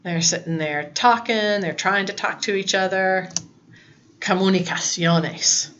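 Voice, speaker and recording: Patient woman teaching a lesson, slow. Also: mid-range voice, steady tone, fairly bright tone, muffled recording, slight background noise. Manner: patient, talks to students, mixes English and Spanish prompts. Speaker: Spanish teacher. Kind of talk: recorded classroom lesson.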